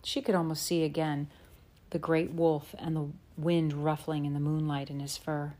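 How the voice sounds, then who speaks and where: Low-voiced woman narrating a storybook. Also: little pitch movement. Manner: slow, gentle, measured. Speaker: audiobook narrator.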